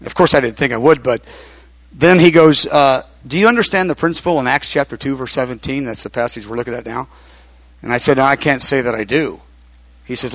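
An older man preaches by telling a long personal story, loose and conversational. He circles back, repeats phrases and fills pauses with "uh". His voice sits in a middle pitch and sounds dry and close, with little room around it. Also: fairly bright tone, dry recording. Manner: conversational, repeats himself, many fillers. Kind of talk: sermon storytelling.

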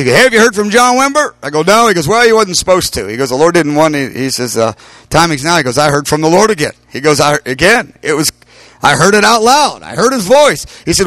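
A man's voice: fairly high pitch, dry recording. A middle-aged man preaching, telling a long personal story and voicing the people he quotes with a lifted voice. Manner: animated storytelling, quoting others in raised voice. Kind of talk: storytelling sermon.

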